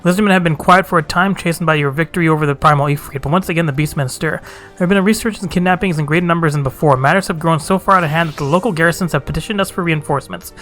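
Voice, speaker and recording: A formal, stern male commander from a fantasy game, read by a man. He gives orders in a measured, official manner over faint music. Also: fairly high pitch, a bit bright, close to an everyday voice.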